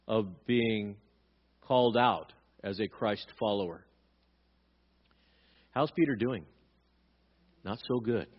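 A man preaches a sermon in a mid-pitched voice, leaning hard on rhetorical questions and answering them himself. He acts out the dialogue he quotes with emphasis. The recording sounds a little dull and lo-fi. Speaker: pastor.

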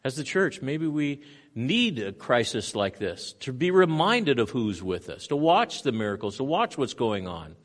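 A man pastor preaching a sermon, moving between loud emphatic stretches and quiet hushed passages. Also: mid-range voice, very animated, a little slow.

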